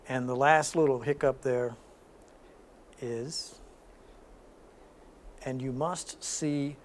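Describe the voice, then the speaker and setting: A man leading a small spiritual gathering, moving between loud emphatic lines and soft hushed ones, with frequent laughs. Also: a little high, slight background noise. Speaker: spiritual group leader. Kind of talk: spiritual talk to a small group.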